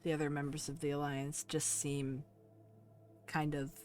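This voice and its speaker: A woman narrating a tabletop game as game master, in a slow, measured way with a few fillers. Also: deep voice, flat delivery, a little mellow, soft background music.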